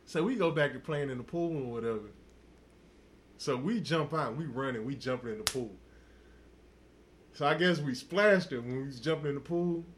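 A man's voice: medium pitch, lively intonation, normal speed, pauses often, slight background noise. A man on a podcast telling a crude, profane story in casual talk, laughing often. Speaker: podcast host.

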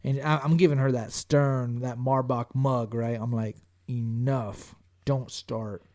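A man in a casual podcast chat, telling a profane story in an animated way and acting out quotes in a raised voice. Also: mid-range voice, normal speed.

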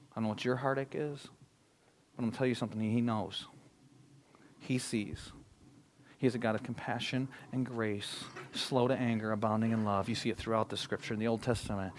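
A man preaching a sermon as pastor, impassioned, dropping to a hush and then rising to loud emphasis. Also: medium pitch, a little hiss or hum. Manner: impassioned, swings from hushed to loud.

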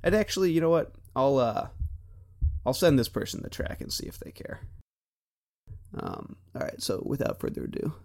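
A man's voice: medium pitch, lively intonation, moderate pace, long pauses, a little mellow. A young man in his twenties co-hosting a podcast, chatting casually and rambling with frequent laughs. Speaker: podcast co-host. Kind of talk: casual chat.

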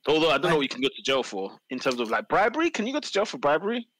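A man's voice: a little high, very animated, racing, no echo, rough recording. A young man, teasing and laughing through casual football banter as a podcast co-host. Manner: laughs often, loud and teasing.

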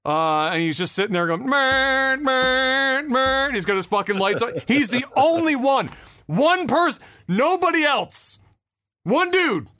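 A man's voice: high-pitched, sing-song, normal speed, a bit bright. A man co-hosting a podcast, ranting in casual chat with plenty of swearing and mocking impressions. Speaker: podcast co-host.

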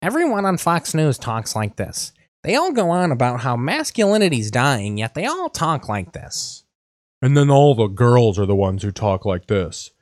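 A man's voice: mid-range voice, sing-song, normal speed, dry recording. A man hosting a podcast, giving crude, sarcastic commentary on news clips. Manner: sarcastic, mocking, profane.

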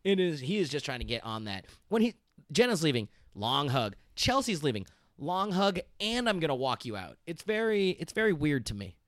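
A man's voice: a little high, big pitch swings, normal speed, fairly bright tone, no echo, studio quality. A man co-hosting a podcast, recapping TV in casual, chatty talk with frequent laughs. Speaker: podcast co-host. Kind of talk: casual chat.

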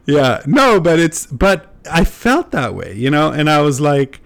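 A man's voice: on the high side, very animated, a little slow, vocal fry, a bit bright. A young man hosting a podcast, talking candidly in a rambling way, full of fillers and swearing. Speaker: podcast host. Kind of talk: casual podcast chat.

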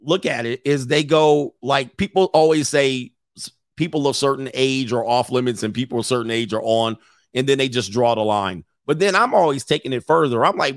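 A man's voice: medium pitch, a little fast, dry recording. Blunt man reacting in dry close sound. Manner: blunt, opinionated, laughs often. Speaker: host. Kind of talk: casual reaction commentary.

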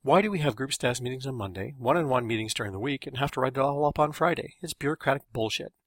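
A man voicing a brash, cynical male software contractor who talks bluntly and scoffs. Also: medium pitch, fast, no echo, studio quality. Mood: scoffing.

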